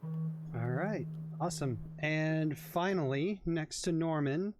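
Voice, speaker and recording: Slow-talking man running a tabletop game. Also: fairly high pitch, background noise. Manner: unhurried, with many fillers and restarts. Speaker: game master.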